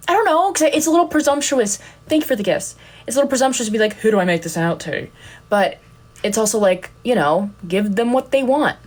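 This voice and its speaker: A young woman chatting casually on a livestream, telling rambling, giggly, self-deprecating stories. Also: fairly high pitch. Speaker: content creator on a livestream.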